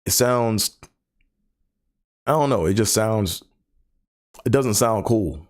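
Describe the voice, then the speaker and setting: Deep-voiced man musing with many fillers. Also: expressive, takes it slowly. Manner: rambling, many fillers and repeated words; person who stutters. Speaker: podcast host. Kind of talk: casual solo chat.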